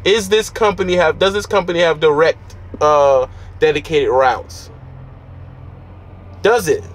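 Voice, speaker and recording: A man's voice: on the high side, measured pace. A man who drives a truck, giving blunt, preachy advice in street slang from his truck cab. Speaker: trucker vlogger.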